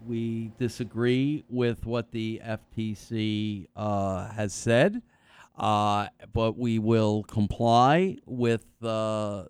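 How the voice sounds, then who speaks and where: Man, radio talk host, smooth resonant voice, dry studio sound, rambling, lots of fillers. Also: fairly low pitch, no room sound. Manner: rambling, halting with many fillers, animated when making a point. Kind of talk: radio talk show discussion.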